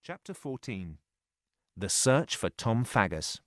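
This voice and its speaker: A man reading a first-person novel aloud as an audiobook for English learners, in a steady storytelling voice. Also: fairly low pitch, takes it slowly, no echo, studio quality. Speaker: narrator.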